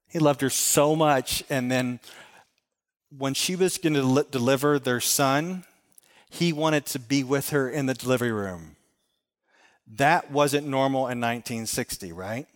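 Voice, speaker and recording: A middle-aged man preaching a sermon, earnest and storytelling, circling back on his phrases. His voice sits at an ordinary pitch and carries a long reverb from a large hall. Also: measured pace. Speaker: pastor.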